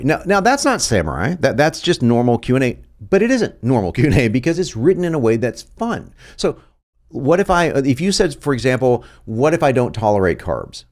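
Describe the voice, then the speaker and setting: A man's voice: medium pitch, very animated, brisk. A middle-aged man giving a casual screen-share lesson on copywriting, laughing often and restarting his sentences. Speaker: copywriting teacher.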